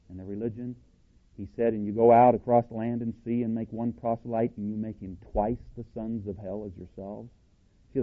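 A man preaching a sermon, speaking emphatically and slowing down to read out quotations. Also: mid-range voice, breathy edge. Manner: emphatic, slows down to read quotes. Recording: tinny phone-like audio.

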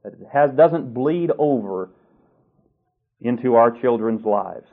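A man's voice: medium pitch, animated, slow pace. A male preacher reads a text aloud in a sermon and comments on it critically and emphatically. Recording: tinny phone-like line.

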